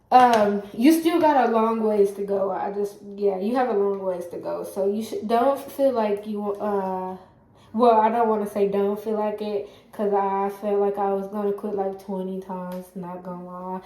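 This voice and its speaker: A vlogger chats casually to camera with work-from-home job advice, sounding stuffy and congested in an echoey room. Her mid-range voice is mellow, and she rambles with many fillers and self-corrections while doing her hair.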